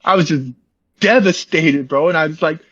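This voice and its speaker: A man's voice: fairly high pitch, a bit bright, lo-fi sound. A man, an interview guest, telling a long rambling story in slangy, repetitive casual talk over a call. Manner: fast, repetitive, slangy, says "bro" often.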